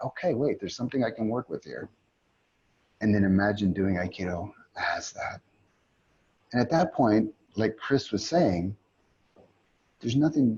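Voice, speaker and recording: A middle-aged man with a low, husky voice guides listeners through an inner exercise, calm and reflective, often circling back to restart a phrase. He speaks over a video call, and the sound is dull and lo-fi. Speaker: aikido teacher leading a community call. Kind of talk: guided teaching talk.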